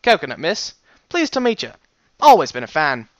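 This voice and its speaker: A man voicing a friendly, earnest young male pony chef in a storybook reading, raising his pitch and talking eagerly. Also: normal speed, dry recording, lo-fi sound, full character voice. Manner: eager, raised pitch, lively delivery.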